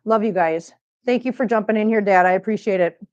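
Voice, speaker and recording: A woman's voice: medium pitch, a little fast, darkish tone, smooth, highs cut off. A woman from Missouri hosting a casual livestream from home on a laptop mic, chatting and rambling and cooing baby talk to her cats. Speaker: cat channel host. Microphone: laptop microphone.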